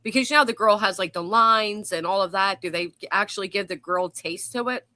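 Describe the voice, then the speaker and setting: A woman's voice: mid-range voice, brisk, bright, forceful tone, dry recording. A woman hosting a livestream, chatting casually and swearing freely. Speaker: stream host. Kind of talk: casual chat.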